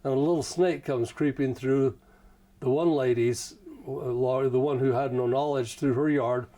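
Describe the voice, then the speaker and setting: A man's voice: medium pitch, fairly even intonation, normal speed, warm tone. A man being interviewed, who talks in a folksy, rambling way and leans often on "you know" while he tells stories. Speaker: interview guest. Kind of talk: casual conversational storytelling.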